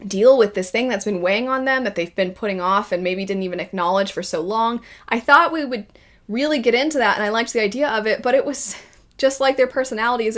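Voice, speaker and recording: A woman reviewing a series in a casual spoken style, lively and acting out her own quoted reactions. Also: mid-range voice. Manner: animated, acts out quoted reactions. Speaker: video reviewer.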